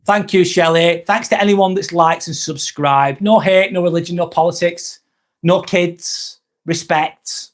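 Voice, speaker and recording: A man with a fairly high-pitched voice talks bluntly on a live stream, swearing freely as he rambles. He sounds confessional and reads viewer comments aloud between his own stories. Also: steady tone, a little slow. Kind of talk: candid live-stream chat.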